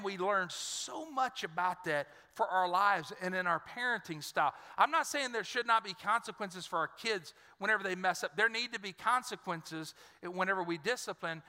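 Pastor, middle-aged man, bright forceful voice, animated storytelling sermon. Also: sits high, moderate pace, hardly any pauses. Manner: animated, acts out voices in his stories. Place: large church hall. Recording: reverberant church sanctuary.

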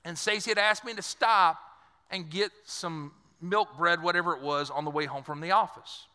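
A middle-aged man from south Louisiana preaching a sermon, with a folksy, conversational delivery and quick asides, heard in a church hall. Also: on the high side, bright, forceful tone, clean tone. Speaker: pastor. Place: church sanctuary. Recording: long reverb of a large church hall.

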